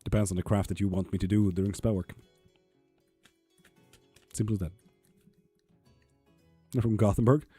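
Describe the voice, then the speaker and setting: A man's voice: on the low side, fairly even intonation, moderate pace, pauses often, warm tone, breathy edge, soft background music. A man chatting casually on a live tarot stream, reading viewers' comments aloud and swearing freely. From Sweden.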